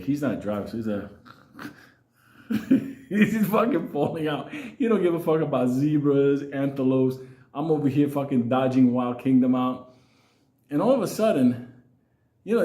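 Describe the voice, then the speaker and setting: A man's voice: on the high side, dark tone. A man telling a wild story, swearing constantly and laughing through his lines. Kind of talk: profane comic storytelling. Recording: echoey room.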